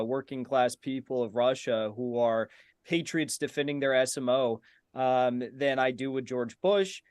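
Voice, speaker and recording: A man's voice: medium pitch, smooth, no room sound. A young man in a heated online debate, giving long answers in a taunting, argumentative way. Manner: taunting, repeating a jab.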